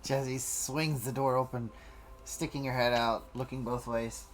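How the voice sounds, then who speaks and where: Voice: medium pitch, level tone, moderate pace, rough recording. A tabletop player narrating their character's actions in the third person. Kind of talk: tabletop role-play narration.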